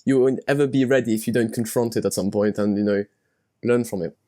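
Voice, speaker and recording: A man's voice: fairly low pitch, fairly even intonation, quick pace, dark tone. Rambling man hosting a podcast. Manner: rambling, repeats words as he thinks. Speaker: podcast host. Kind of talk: casual podcast conversation.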